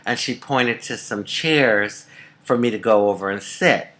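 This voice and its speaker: A middle-aged woman from the United States telling a personal story to camera in a chatty, expressive way, often calling the listener honey. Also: rumbling low, unhurried. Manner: chatty and expressive, calls viewers honey, swoops up for emphasis. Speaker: vlogger.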